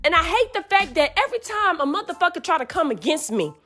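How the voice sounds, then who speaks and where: A woman, hosting a podcast and venting in a heated, profane monologue that rises to yelling. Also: very high voice, sing-song, fast, faint music behind. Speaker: podcast host.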